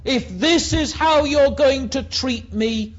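A preacher voicing an anguished old male prophet who pleads with God and shouts in despair, on a dull lo-fi recording. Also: medium pitch, animated, slow.

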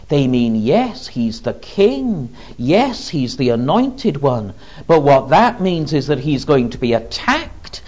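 Slow, animated male preacher. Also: a little high. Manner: slow and deliberate, with rhetorical questions. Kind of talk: sermon. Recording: dull lo-fi recording.

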